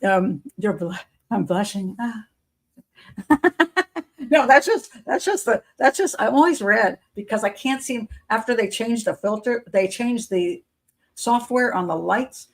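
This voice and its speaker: A woman's voice: a little high, lively intonation, unhurried. An older woman hosting a live chat show, talking casually and rambling with many fillers and restarts.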